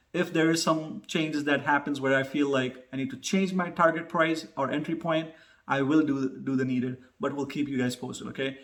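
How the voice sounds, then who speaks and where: Male host for a casual stock-talk channel, slightly high pitch, loose and chatty, lots of "okay?" check-ins. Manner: chatty, many fillers and "okay?" asides; loud upbeat opening jingle shout.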